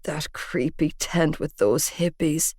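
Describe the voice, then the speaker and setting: A woman voicing a hungover young man who drawls lazily and teases in a hoarse voice. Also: deep voice, measured pace, darkish tone, dry recording, studio quality. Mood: grumbling. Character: hungover young Irish man, lazy, teasing.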